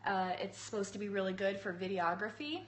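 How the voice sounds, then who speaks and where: Husky-voiced woman hosting a live stream. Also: animated, fairly quick. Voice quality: husky, low. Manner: chatty, laughing, greets viewers by name. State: hoarse from a cold. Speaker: cake artist hosting a livestream. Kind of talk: casual live-stream chat. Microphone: phone livestream.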